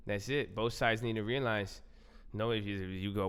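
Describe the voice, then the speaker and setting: Male livestream host, low smooth voice, rambling casual chat full of "bro", reverberant sound. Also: steady tone, moderate pace, a bit bright. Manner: loose, rambling, repeats himself, says "bro" and "man" a lot.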